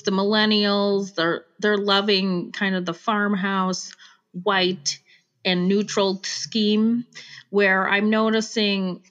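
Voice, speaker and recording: A woman's voice: mid-range voice, a bit bright. Chicago-accented woman chatting, lo-fi. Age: Generation X. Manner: chatty, self-interrupting, laughs easily. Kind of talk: casual chat. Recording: dull lo-fi recording.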